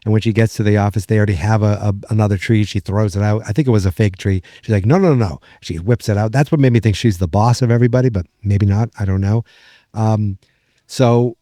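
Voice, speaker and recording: A lower-pitched man with a New England accent chats through a sitcom plot for his podcast, darting between thoughts and restarting sentences. His voice is mellow and relaxed, recorded dry and close with almost no room sound. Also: no echo. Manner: rambling, excitable, lots of fillers and restarts. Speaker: podcast host. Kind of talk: casual episode recap.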